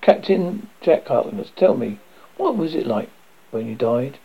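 Guy reading a commanding team leader pushing for answers, gravelly husky voice, dull recording. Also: medium pitch, big pitch swings, measured pace, full character voice. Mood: urgent. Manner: urgent, coaxing questions.

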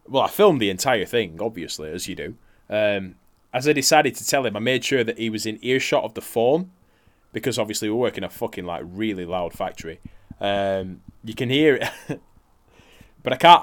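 A young man, chatting casually, swearing freely and laughing through his stories while commentating on wrestling. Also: fairly low pitch. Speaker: co-host.

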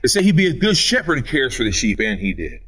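Animated pastor preaching a sermon. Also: male voice, mid-range voice, husky. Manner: preaching with rising emphasis, rapid lists of scripture references. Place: church sanctuary.

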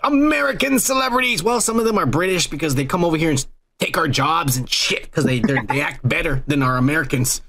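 A man's voice: on the high side, animated, brisk, fairly bright tone. A young man hosting a podcast, joking and rambling with lots of profanity. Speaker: podcast host. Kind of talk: casual crude podcast banter.

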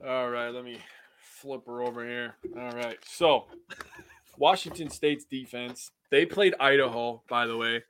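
A man with an American accent co-hosting a sports podcast, laid-back, reading out game stats slowly with fillers. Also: mid-range voice, fairly even intonation, a bit bright, slight background noise. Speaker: podcast co-host. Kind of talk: casual sports chat.

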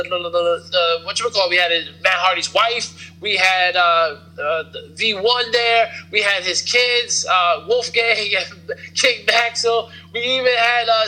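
A man's voice: high voice, pushed and bright, low-quality recording. A man hosting a podcast, giving a casual, rambling recap with lots of fillers and jokes. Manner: rambling, filler-heavy, joking. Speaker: podcast host. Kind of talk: casual wrestling recap chat.

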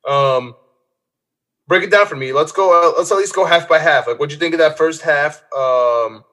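A man's voice: on the high side, moderate pace, a bit bright. Exasperated man ranting in sports talk. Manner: exasperated rants full of "like". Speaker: podcast host.

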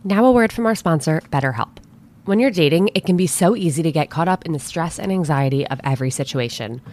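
A woman reading a scripted sponsor message with an expressive delivery. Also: low-pitched, fast, pitched below the performer's own voice. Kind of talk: read sponsor ad.

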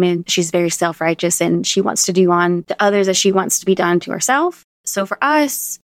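A woman in her thirties, a podcast guest telling stories in a casual, animated way and acting out the dialogue she quotes. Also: on the low side, no room sound, clean studio sound. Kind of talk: casual storytelling interview.

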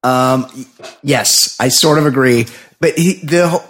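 A man's voice: mid-range voice, normal speed, a bit bright. A man co-hosting a podcast in casual chat, heated and sweary, often chiming in to agree. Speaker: podcast co-host.

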